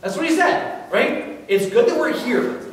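A male pastor preaching a sermon in a relaxed, conversational storytelling manner, recorded in a church. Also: very high voice, measured pace. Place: church sanctuary. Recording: echoey church from far off, faint hiss.

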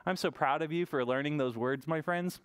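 Animated male children's librarian. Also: on the high side, a little fast, smooth. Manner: animated, sing-song voice for small children. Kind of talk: virtual toddler story time.

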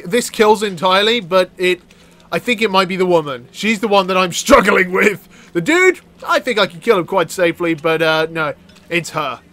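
A man giving excitable let's-play commentary as a gaming YouTuber, yelping, cackling and chattering at the game. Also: high-pitched.

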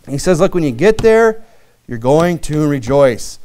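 Lively preacher, a bit high-voiced. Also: male voice, moderate pace. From Michigan. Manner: lively preaching, acts out quotes, many asides. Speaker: pastor. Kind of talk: sermon.

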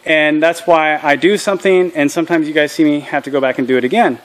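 A man's voice: on the high side, fairly even intonation, fast. An earnest man hosting a casual vlog outdoors, talking candidly and peppering his talk with acronyms. His voice sits a touch above the usual male range. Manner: earnest and candid, drops acronyms and military jargon. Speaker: channel host. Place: outdoors at a small farm processing setup.

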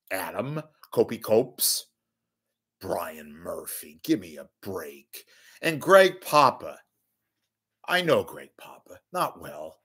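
A middle-aged man hosts a podcast, speaking in a fairly low, fairly bright voice. The San Francisco Bay Area native sneers and swears his way through a rant of media commentary.

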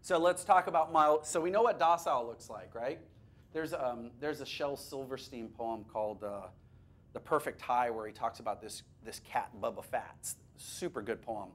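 A man with a medium-pitched voice talks at normal speed while presenting a teacher training workshop to a live audience in a classroom or workshop room. He's lively and conversational, joking around and putting questions to those present.

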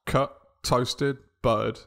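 A man in casual studio chat, animated and curious. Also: mid-range voice, takes it slowly, vocal fry. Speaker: podcast co-host.

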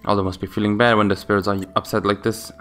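A man's voice: fairly low pitch, flat delivery, fast talker, a bit bright, faint music behind, lightly acted. A man reading aloud for an anxious young girl summoner who talks to herself. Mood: worried.

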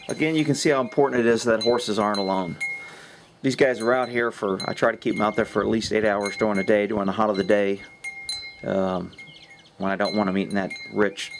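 A man, a horse trainer, talking bluntly and with cursing in a casual outdoor vlog by a pasture. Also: fairly low pitch. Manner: blunt, ranting, profane. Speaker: horse trainer, channel host. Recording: wind hitting the microphone. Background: wind and wind chimes.

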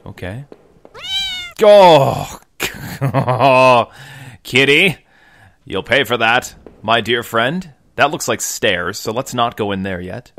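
A man's voice: medium pitch, animated, takes it slowly, long pauses, a bit bright. Chatty man doing gameplay commentary. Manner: chatty, jokey, addresses viewers as folks. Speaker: game video host.

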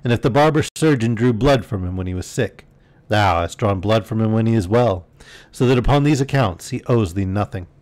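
A man's voice: on the low side, fairly quick, a little mellow, natural voice. Don Quixote, as a man reads him, grandly declaiming. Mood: lecturing. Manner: archaic, declaiming, grandly formal. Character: proud, indignant old would-be knight, male.

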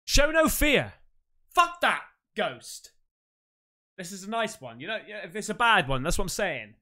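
A man's voice: high voice, very animated, a little slow, bright, forceful tone. A man hosting a reaction video, talking in a brash, boastful way and swearing often. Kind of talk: casual reaction commentary.

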